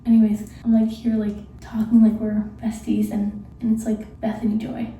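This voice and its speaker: Hushed, giggly young woman in an echoey room. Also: medium pitch, completely flat delivery, normal speed, a little hiss or hum. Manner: hushed, half-whispered, giggly and gushing. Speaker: vlogger. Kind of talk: late-night storytime. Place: room at night before bed. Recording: very echoey room, mic far off.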